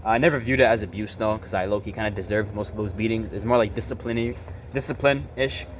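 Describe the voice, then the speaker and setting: A man's voice: on the low side, fast, a little hiss or hum. A young man telling a personal story in a blunt, casual, profane way, peppering his talk with "bro" and "right?". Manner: blunt and emotionally charged. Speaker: vlogger. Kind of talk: confessional storytelling.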